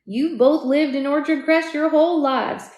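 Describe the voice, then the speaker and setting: A woman voicing a steady, softly teasing husband, putting on an accent for him. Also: very high-pitched, moderate pace, reverberant, pitched above the performer's own voice. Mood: reassuring. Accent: put-on accent. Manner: soft teasing.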